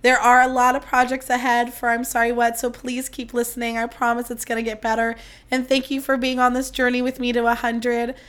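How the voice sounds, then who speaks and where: A woman hosting her podcast solo, chatting casually and mocking herself, her voice strained and squeaky. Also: completely flat delivery, a little fast, fairly bright tone. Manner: chatty, self-mocking, swears freely. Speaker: podcast host.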